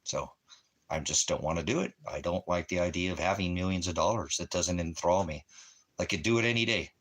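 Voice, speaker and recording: A man's voice: low voice, a little fast, fairly bright tone. A man hosting a casual livestream, rambling profanely and talking straight to his chat viewers. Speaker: livestream host. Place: Christmas Valley area, rural.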